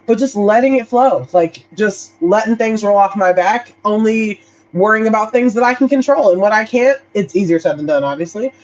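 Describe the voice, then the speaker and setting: A woman's voice: medium pitch, animated, moderate pace, a little mellow, highs cut off. A woman co-hosting a podcast in casual chat, laid-back and rambling with frequent fillers and easy laughter. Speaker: podcast co-host.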